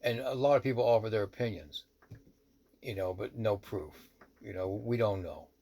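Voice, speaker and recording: A man's voice: fairly low pitch, normal speed, warm tone. A man who works as a shaman telling a true story in a rambling, conversational way, full of "you know" asides. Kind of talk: casual spoken storytelling.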